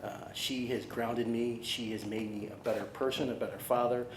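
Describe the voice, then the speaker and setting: A middle-aged man speaks at a podium, earnest and halting, stumbling over fillers and restarts. His voice rings through a large, echoey conference hall. Loud steady noise sits under the whole recording. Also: medium pitch. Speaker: new athletics director. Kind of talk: emotional press conference speech.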